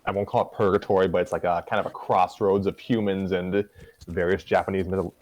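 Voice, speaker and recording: A man hosting a show and narrating a fan story in a relaxed, chatty way. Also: low-pitched, fast talker, low-quality recording. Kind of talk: casual fan fiction narration.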